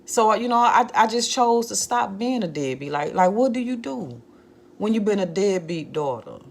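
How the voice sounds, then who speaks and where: A woman's voice: medium pitch, sing-song, normal speed, vocal fry. A woman vlogger candidly telling a personal story in a conversational monologue, often using "like" as a filler.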